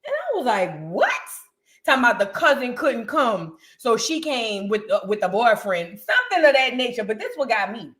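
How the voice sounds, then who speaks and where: A woman, co-hosting a chat show and telling stories in an animated, slangy way. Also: a little high, normal speed. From United States. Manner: animated, slangy, repeats phrases for emphasis. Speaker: podcast co-host. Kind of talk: casual storytelling chat.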